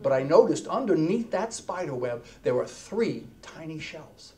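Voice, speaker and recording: A man telling a comic story on stage as a keynote speaker, wisecracking and animated, dropping into hushed asides. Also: on the high side, a little slow. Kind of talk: stand-up comedy storytelling. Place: stage before a live audience.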